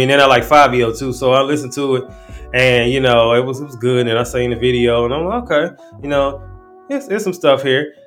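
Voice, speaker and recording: A man's voice: medium pitch, fairly bright tone. A man hosting a casual commentary show, talking in a laid-back, slangy way and often restarting his sentences. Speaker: host. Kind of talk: casual commentary breaking down rap lyrics.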